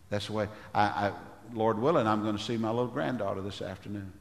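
An older man preaching a sermon as pastor, with a big, loud voice, often clearing his throat. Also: lowish voice, fast talker, few pauses, echoey room, big-room sound.

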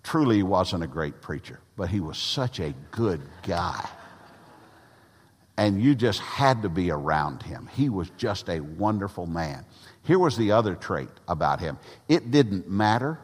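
An older man from Tennessee, preaching a sermon with emphatic pauses and folksy stories. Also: low voice, big pitch swings, breathy edge. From Tennessee, USA. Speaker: pastor. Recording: long hall reverb.

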